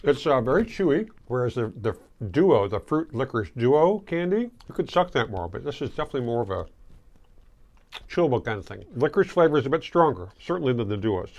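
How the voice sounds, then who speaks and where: A man's voice: medium pitch, very animated, a little fast, darkish tone, dull audio. Chatty man chewing candy while he talks. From Michigan. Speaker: host. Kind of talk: casual candy tasting review.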